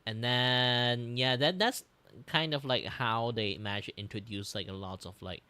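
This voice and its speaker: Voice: medium pitch, measured pace, pushed and bright, clean tone, no room sound. A streamer chatting casually while reacting to a video, rambling with constant "like" fillers. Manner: rambling, heavy use of "like" fillers.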